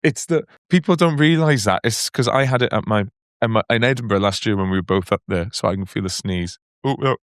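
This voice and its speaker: A man's voice: lowish voice, a little fast, dry recording, studio quality. A man co-hosting a comedy podcast, telling stories from gigs in a laid-back, wry way. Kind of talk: casual comedy chat.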